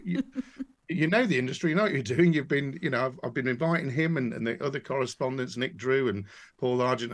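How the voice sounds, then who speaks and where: A man speaks as a podcast guest, talking casually and at length. He restarts his sentences often and fills the pauses with little asides as the story wanders along. His voice sits at an average pitch for a man. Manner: rambling, many restarts and fillers.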